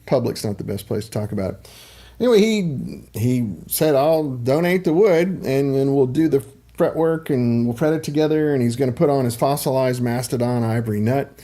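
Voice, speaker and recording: A middle-aged man talks casually on his livestream, drifting from one aside to the next with plenty of ums. His voice is mellow and warm, sitting at an ordinary pitch for a man. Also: expressive, normal speed. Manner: rambling, chatty, many ums and asides. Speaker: livestream host.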